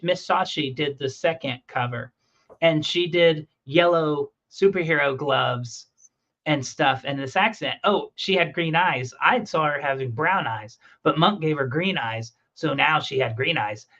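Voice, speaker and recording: Unhurried and a little high in pitch, a man meanders through stories in a relaxed chat about comics creation. He's a comic creator who hosts a podcast, his lively tales restart frequently, and the recording sounds muffled and lo-fi.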